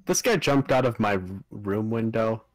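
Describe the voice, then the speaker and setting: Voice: mid-range voice, lively intonation, moderate pace, darkish tone, no room sound. A player in a tabletop game, teasing the others and laughing along. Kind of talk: playing a tabletop game live.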